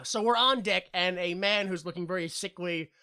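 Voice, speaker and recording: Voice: mid-range voice, moderate pace, bright, forceful tone, clean tone. A young adult podcast co-host in casual comedic chat, recapping an episode with lots of laughs and silly voices.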